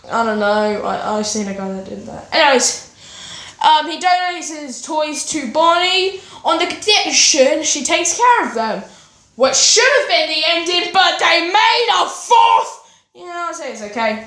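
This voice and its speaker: A woman's voice: high voice, a bit bright. A woman from England rambling casually through a movie ranking from her home kitchen, full of tangents and "anyways". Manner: rambling, scatterbrained, lots of "anyways" and restarts. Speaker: vlogger. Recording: echoey kitchen with faint birds.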